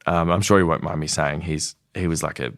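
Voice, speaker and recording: Deep-voiced Australian man, frank and relaxed. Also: a little fast. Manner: relaxed, frank, laughs while telling stories. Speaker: podcast guest. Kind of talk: candid conversational storytelling.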